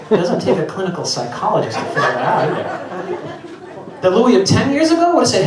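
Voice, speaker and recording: A man's voice: fairly high pitch, sing-song, a little fast, background noise. A middle-aged man doing a stand-up routine on stage, telling self-mocking stories and swearing freely. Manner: profane, self-mocking storytelling. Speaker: stand-up comedian. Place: stage before a live audience. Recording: echoey venue, voice heard from a distance, loud ambience.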